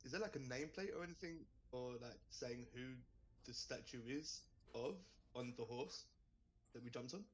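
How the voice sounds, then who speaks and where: A man's voice: medium pitch, moderate pace, poor audio. A man playing at a tabletop game table in casual chat, jittery and joking nervously. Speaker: player.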